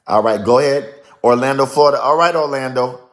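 A man, a prophetic minister chatting on a live stream, lively and chatty as he calls out viewers' names and places. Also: mid-range voice, a little fast. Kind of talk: casual live-stream chat greeting viewers.

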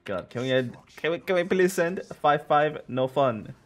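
A man's voice: a little high, expressive, normal speed, soft background music. A young man giving live commentary on his own gameplay, playful and jokey, talking to his chat. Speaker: gamer streaming his gameplay.

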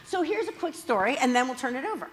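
A middle-aged woman telling funny family stories as an author on a festival stage, chatty and animated. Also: high voice, quick pace, long reverb tail. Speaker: author speaking at a book festival. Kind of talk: humorous storytelling talk. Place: large festival hall.

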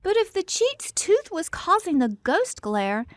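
A bossy, very high cartoon girlfriend. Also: sing-song, measured pace, background noise, heavily acted. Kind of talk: cartoon voice acting.

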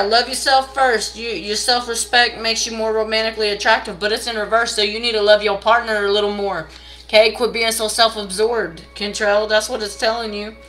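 In a rough recording, a woman with a sharp tone gives a casual live tarot reading, bluntly and profanely scolding viewers while pushing sales hard.

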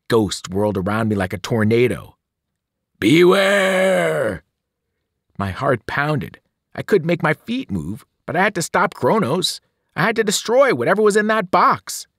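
A man, a teacher, reading a novel aloud in an expressive, dramatic way, sometimes dropping to a whisper. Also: mid-range voice, no room sound, studio quality. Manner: dramatic, with whispered and shouted voices. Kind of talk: expressive read-aloud narration.

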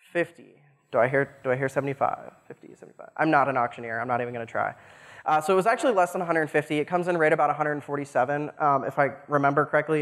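Young male conference speaker, slightly high voice, casual and jokey, lots of fillers, hall reverb. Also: a bit bright. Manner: casual, joking, many "uh" fillers. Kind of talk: technical conference talk.

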